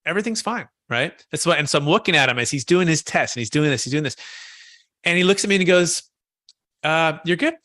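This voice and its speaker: A man hosting a podcast conversation, telling stories in an animated way and acting out the voices he quotes. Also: fairly high pitch, fast, dry recording. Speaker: host.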